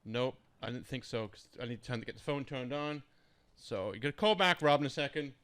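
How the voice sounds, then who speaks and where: A man hosting a radio show, talking casually and quickly. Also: mid-range voice, lively intonation, a bit bright, clean tone. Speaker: radio host.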